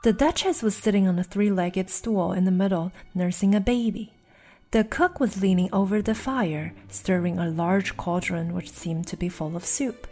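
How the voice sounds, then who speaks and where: Storybook narrator: a woman with an animated, slightly breathy voice over faint music. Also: mid-range voice, moderate pace. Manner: lively, expressive reading. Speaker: reader of English literature. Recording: soft background music.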